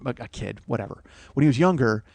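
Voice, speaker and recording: A man's voice: mid-range voice, lively intonation, quick pace, creaky, darkish tone, no room sound. A man hosting a podcast, telling a comic story in a rambling, profane, self-mocking rant. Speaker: podcast host. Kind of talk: comedic storytelling monologue.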